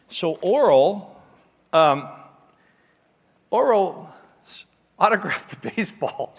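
Middle-aged man, pastor, animated self-mocking storytelling, slightly high voice, long hall reverb. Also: slow, creaky, pauses often. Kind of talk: sermon with storytelling. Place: church hall.

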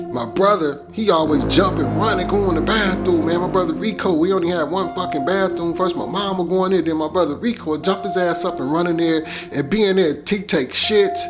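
Man telling a raw street story. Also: high-pitched. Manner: profane, conversational, vivid. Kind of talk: personal storytelling.

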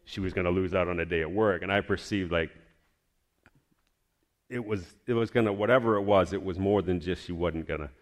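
A man's voice: deep voice, fairly quick. Man rambling through a testimony. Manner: rambling, restarts often, animated retelling. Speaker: storyteller sharing a personal testimony. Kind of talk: casual spoken testimony.

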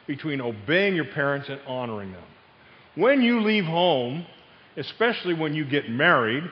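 An older man preaching a sermon, telling family stories with sudden loud outbursts. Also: on the high side. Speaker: pastor. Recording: dull sound with long hall reverb.

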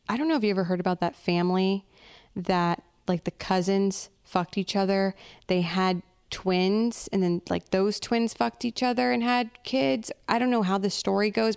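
Young woman host doing a profane comic rant; gravelly edge, clean resonant tone. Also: medium pitch. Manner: blunt, profane, oversharing. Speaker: podcast host. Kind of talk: comedic solo rant.

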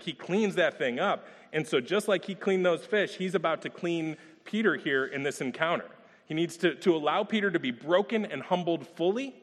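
A man with a fairly high voice preaches a sermon in a casual, storytelling way and keeps asking rhetorical questions. His voice rings out through a large hall with a long echo trailing behind each phrase. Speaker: pastor.

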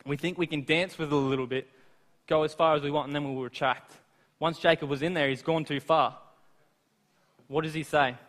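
Male preacher, slightly high-pitched, chatty retelling of scripture, recorded with long hall echo. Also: a little fast, long pauses. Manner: lively retelling of scripture with asides to the listeners. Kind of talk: sermon. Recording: long reverb of a large hall.

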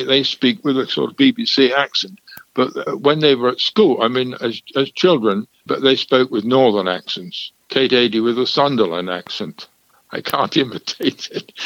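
A man's voice: medium pitch, fairly bright tone, no echo, lo-fi sound. An older man, explaining language history in a discursive, lecturing way during a radio interview. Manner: discursive, lecturing, with small chuckles. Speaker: language expert.

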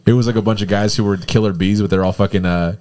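A man's voice: lowish voice, fairly even intonation, quick pace, a little mellow. A man hosting a podcast, talking loosely and swearing freely in casual chat.

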